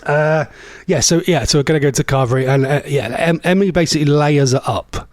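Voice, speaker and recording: Tired guy rambling on local radio, voice a bit high, dead dry mic. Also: a little fast, darkish tone, no echo. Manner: chatty, rambling, reads out listener messages. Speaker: radio host. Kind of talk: casual chat between songs.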